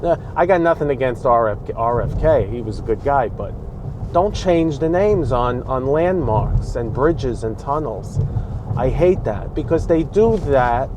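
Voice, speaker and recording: A man's voice: medium pitch, animated, a little slow. A man from the Bronx with a New York accent, ranting in a vlog while he drives and talking back at the traffic around him. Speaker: vlogger. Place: inside a car on city roads. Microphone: dash-mounted camera. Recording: faint road noise inside a car. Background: traffic and street noise.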